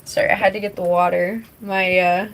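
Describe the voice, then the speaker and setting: A woman's voice: medium pitch, level tone, a little fast, a little hiss or hum, low-quality recording. Chatty young woman streamer, rambling. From British Columbia, Canada. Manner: chatty, rambling, many fillers, swears casually. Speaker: live streamer. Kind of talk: casual chat with live chat.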